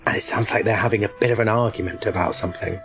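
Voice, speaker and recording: A man narrating a tabletop horror game as its game master. His voice sits a little low and his descriptions are measured. Music plays clearly underneath him. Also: steady tone, a bit bright.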